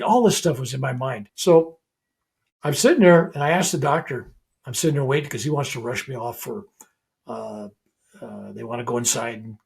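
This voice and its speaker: An older man with a gravelly, creaky voice tells a story as a podcast guest. He sits at a middle pitch and stays animated, acting out the exchanges in his story. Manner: animated, acts out dialogue in retellings. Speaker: guest, reverend.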